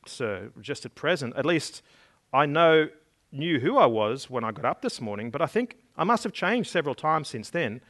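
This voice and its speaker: A timid, confused young girl from a storybook, stumbling over her words as she answers, read aloud by a man with a fairly high voice. She sounds soft and unsure of herself. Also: sing-song, moderate pace. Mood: shy. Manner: hesitant, stammering. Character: shy, bewildered young girl.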